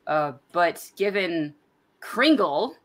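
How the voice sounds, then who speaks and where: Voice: medium pitch, lively intonation, takes it slowly, fairly bright tone. A podcast co-host in casual chat, speaking hesitantly and trailing off while explaining myths.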